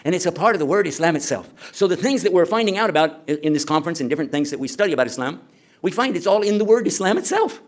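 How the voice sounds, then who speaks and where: A man's voice: sits high, lively intonation, very fast. A man lecturing at a conference in a conversational way, asking the audience rhetorical questions. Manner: acts out quoted speakers. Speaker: Islamic lecturer.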